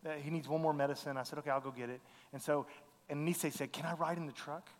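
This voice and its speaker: A man's voice: fairly high pitch, fairly even intonation, fast, in a large hall. A man, earnestly telling a mission story to a congregation, acting out the dialogue. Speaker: missionary speaker.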